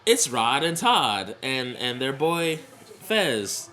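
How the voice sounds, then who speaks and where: A young adult man giving casual reaction commentary, excitable, laughing often and swearing freely. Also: medium pitch, slow. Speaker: wrestling reaction vlogger.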